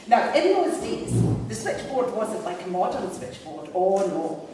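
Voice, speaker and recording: A woman's voice: medium pitch, big pitch swings, moderate pace. Chatty Scottish woman doing stand-up. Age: 50s. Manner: chatty, self-mocking. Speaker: stand-up storyteller. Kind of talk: comic stand-up anecdote. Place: stage in a hall. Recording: echoey hall from far off, noisy.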